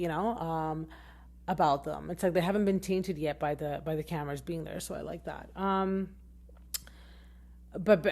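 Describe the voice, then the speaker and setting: Chatty woman recapping reality TV. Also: lowish voice. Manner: chatty, animated, lots of "like" fillers; swears freely. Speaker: podcast host. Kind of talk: casual reality TV recap chat.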